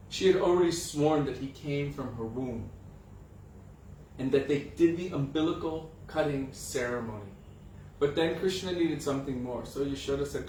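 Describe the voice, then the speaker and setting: A man telling a devotional story to a gathering in an animated way, acting out the voices of the characters. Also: mid-range voice, moderate pace, slight background noise. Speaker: spiritual teacher. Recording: roomy echo, distant mic, faint ambience.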